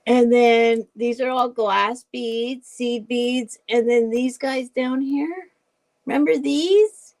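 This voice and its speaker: A woman hosting a casual live vintage sale, chatty and rambling, laughing often and thinking out loud. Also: fairly high pitch, slow, low-quality recording. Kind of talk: casual live selling chat.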